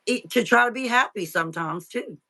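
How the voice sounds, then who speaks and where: A middle-aged woman, an interview guest, telling her life story in a halting, tearful way with many fillers and restarts. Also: fairly high pitch, lively intonation, creaky, bright, forceful tone. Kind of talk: emotional personal storytelling.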